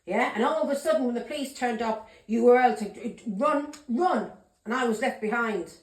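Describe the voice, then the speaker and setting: A woman's voice: on the high side, brisk, reverberant. A woman giving a tarot reading vlog, a blunt, ranting straight talker who swears freely. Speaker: tarot reader.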